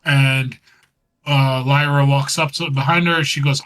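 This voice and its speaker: Bright-voiced man recapping wrestling. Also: medium pitch, fairly even intonation, measured pace, rough recording. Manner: rambling recaps, acts out quotes in voices, laughs often. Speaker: podcast co-host. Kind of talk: casual wrestling chat.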